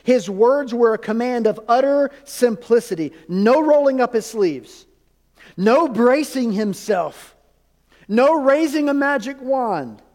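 A man's voice: extremely high pitch, lively intonation, slow pace, darkish tone. A man preaching a sermon as pastor, emphatic and conversational, asking his congregation rhetorical questions. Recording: long reverb of a large hall.

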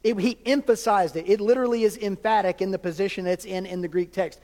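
High-voiced preacher in a reverberant hall. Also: male voice, fairly even intonation, quick pace, a little mellow. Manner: conversational preaching with jokes and asides. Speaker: pastor. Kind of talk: sermon.

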